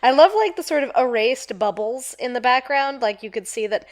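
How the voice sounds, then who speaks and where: A woman co-hosting a podcast in casual chat, relaxed and quick to laugh. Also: on the high side, no room sound, clean studio sound. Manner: laughs easily, relaxed and friendly. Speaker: podcast co-host.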